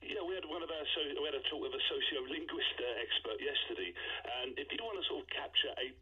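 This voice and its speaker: A man's voice: medium pitch, fast talker, breathy edge, muffled recording. A man, a guest in casual radio chat, talking earnestly with many restarts.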